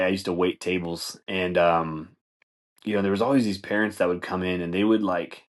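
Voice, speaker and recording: A man hosting a comedy podcast, rambling loosely through stories, swearing and laughing, saying dude a lot. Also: low voice. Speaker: podcast host.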